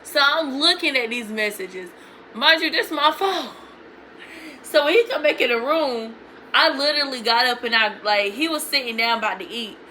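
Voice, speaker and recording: A woman's voice: a little high, animated, brisk, sharp tone, a little hiss or hum, low-quality recording. A young woman vlogging a casual storytime, retelling it bluntly with lots of profanity.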